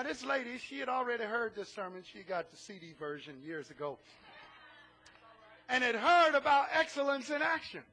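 Very high-pitched gravelly preaching man. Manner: animated preaching, often shouting; humorous asides. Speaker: pastor. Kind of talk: sermon.

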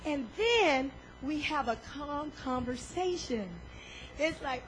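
A woman preaching a sermon, animated, acting out inner voices and swinging between loud and soft. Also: sits high, a little slow, a little hiss or hum, low-quality recording.

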